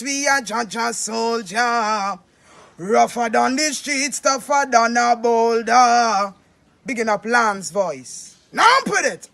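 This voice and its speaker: Woman, high and gravelly, defiant rhythmic shout-out. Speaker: artist giving a station shout-out. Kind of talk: chanted shout-out.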